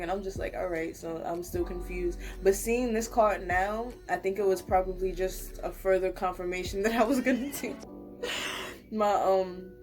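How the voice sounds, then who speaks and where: A young woman giving a casual, rambling pick-a-card tarot reading to camera, talking earnestly and reassuringly. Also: mid-range voice. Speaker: tarot reader.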